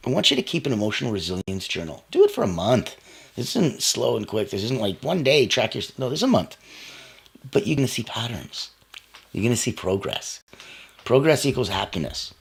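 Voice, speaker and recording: Animated husky motivational speaker man. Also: medium pitch, moderate pace. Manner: animated, emphatic, coaching listeners directly. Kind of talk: motivational talk.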